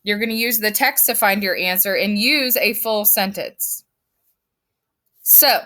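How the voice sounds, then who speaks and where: A woman's voice: medium pitch, bright, forceful tone. A woman teaching her fifth grade class in a recorded lesson, firm and emphatic as she explains step by step.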